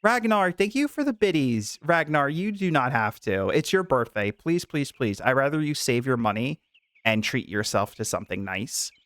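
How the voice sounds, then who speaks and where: A male streamer chatting with his viewers while he plays, giggly and lively, his pitch leaping around. His voice sits at an average pitch. The sound is dry and close, with no room around it. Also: normal speed, no echo. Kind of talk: casual game stream chat.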